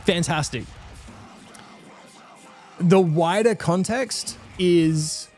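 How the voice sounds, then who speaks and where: Extremely slow and darkish in tone, this man's voice sits high. He's Australian, reacting to music on a casual stream, earnestly rambling and cutting himself off to start over again and again.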